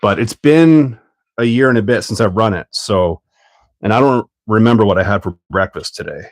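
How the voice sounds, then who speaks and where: A man hosting a casual livestream while building a kit, rambling and thinking out loud, often laughing. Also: lowish voice, lively intonation, moderate pace, dry recording.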